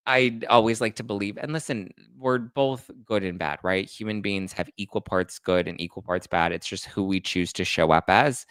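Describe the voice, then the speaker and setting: A man with a fairly low voice hosts a casual commentary show. He reads legal filings and chat comments aloud, then breaks into indignant, profane reactions. The sound is dry and close, with no room around it. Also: a bit bright, no room sound. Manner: heated, indignant, swearing. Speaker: host.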